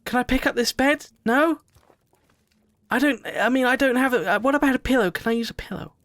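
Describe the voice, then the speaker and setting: A young man giving casual let's-play commentary on a game, rambling, excitable, sometimes shouting and swearing at what happens. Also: extremely high pitch, brisk, no echo, clean studio sound. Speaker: gaming video host.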